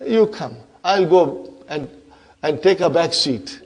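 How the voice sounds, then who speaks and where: A man's voice: fairly high pitch, animated, takes it slowly, slightly rough, in a large hall, heavily acted. A man teaching a class voices a meek, harmless grammar particle that gives up its place without a fight. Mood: yielding.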